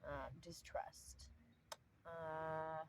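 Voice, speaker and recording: A woman with a low voice talks to her viewers about energy and everyday choices. Her speech is earnest and loose, full of fillers and restarts, with faint background noise from outdoors. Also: level tone, very slow, rough recording. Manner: earnest, rambling, many fillers. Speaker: astrology channel host. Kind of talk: casual spiritual talk to camera.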